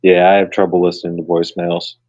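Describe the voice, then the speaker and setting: A man co-hosting a podcast in casual chat, telling stories with animated, lively delivery. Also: fast talker, no room sound, lo-fi sound. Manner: animated storyteller, mimics people in high voices. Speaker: podcast co-host.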